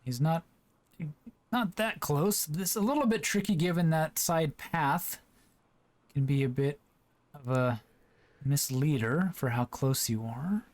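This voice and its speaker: A male commentator calls an online geography game in a relaxed, chatty way, with plenty of small fillers. His voice sits a little higher than usual. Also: unhurried, long pauses. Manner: easygoing, chatty, with frequent fillers. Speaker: esports commentator. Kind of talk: play-by-play commentary.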